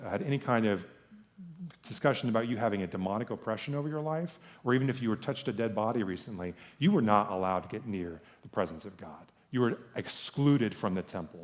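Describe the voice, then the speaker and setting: A man in his thirties, a pastor, preaching a sermon in a conversational, joking way. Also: fairly low pitch.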